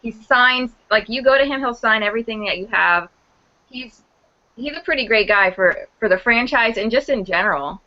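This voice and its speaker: A woman's voice: a little high, animated, moderate pace, muffled recording. A woman guest on a podcast, chatting casually and enthusiastically, sharing film trivia like a fan who knows her stuff. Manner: knowledgeable, enthusiastic film buff. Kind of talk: casual chat.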